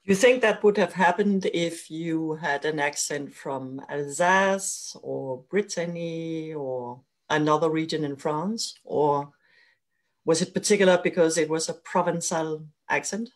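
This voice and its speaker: A woman's voice: low-pitched, a little slow. A woman from Denmark interviewing a guest, asking curious, encouraging questions. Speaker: interviewer, book club moderator. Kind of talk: casual video interview.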